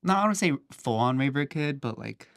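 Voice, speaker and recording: A man's voice: mid-range voice, animated, fast, vocal fry, clear, resonant tone, dry recording, clean studio sound. A young man who DJs, chatting casually as a guest and rambling with plenty of filler words. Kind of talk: casual chat.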